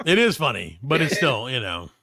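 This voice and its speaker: Bright-voiced man telling a news story. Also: mid-range voice, sing-song, moderate pace, vocal fry, dry recording, clean studio sound. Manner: reads news stories aloud with laughs and silly voices. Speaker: podcast co-host. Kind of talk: casual comedy podcast chat.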